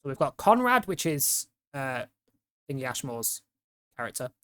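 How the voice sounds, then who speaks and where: A man's voice: medium pitch, big pitch swings, normal speed, pushed and bright. A man streaming a horror game, commenting casually and laughing often. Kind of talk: let's play commentary.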